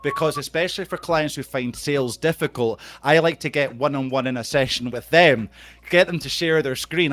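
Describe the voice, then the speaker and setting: A Scottish man with a voice pitched a little above most men's chats loosely on a video call. He keeps it casual and salty, calling out viewers by name as he goes. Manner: warm banter, reads out viewer comments, swears freely. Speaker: host of a live stream. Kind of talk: casual live-stream chat.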